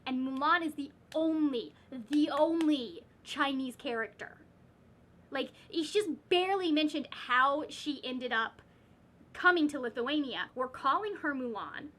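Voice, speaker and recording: A woman's voice: high voice, fairly bright tone. A woman chatting casually as a book vlogger at home, rambling and ranting with lots of fillers and restarts. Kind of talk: casual reading vlog chat.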